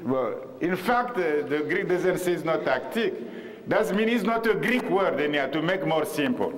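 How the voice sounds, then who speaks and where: Male lecturer, slightly high voice, hall reverb with faint noise. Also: expressive. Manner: halting, repetitive, with many pauses and rhetorical questions.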